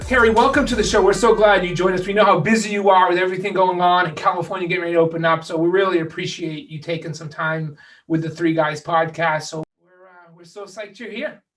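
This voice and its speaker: A man's voice: sits high, steady tone, quick pace, fairly bright tone. A man hosting a podcast, introducing his guest with rambling, filler-heavy sentences. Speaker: podcast host. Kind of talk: podcast interview. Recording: distant mic with faint music.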